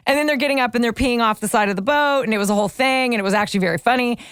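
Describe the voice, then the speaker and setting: A woman's voice: on the high side, racing, fairly bright tone, smooth, no room sound. A woman guest on a podcast, casually telling a travel story and swearing now and then. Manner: laid-back, profane storyteller. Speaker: guest, host's best friend.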